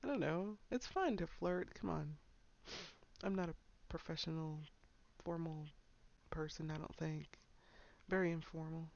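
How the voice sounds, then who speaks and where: Giggly, gravelly young woman chatting slowly. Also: low-pitched, a little mellow. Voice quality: frequent giggles, breathy whispered asides. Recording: slightly dull lo-fi sound.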